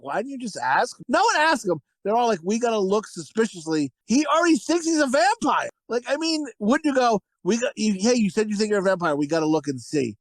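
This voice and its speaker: A man co-hosting a casual movie review podcast, talking in a crude, profane, rambling and excitable way. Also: high-pitched, dry recording, low-quality recording. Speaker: podcast co-host.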